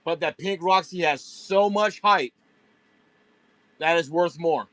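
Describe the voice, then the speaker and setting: Speaking straight to his viewers, the host of a late-night diecast car live stream keeps things chatty and builds hype around every pull from the warehouse. He talks slowly in a fairly bright voice that sits a little high for a man, and the dry sound has almost no room echo.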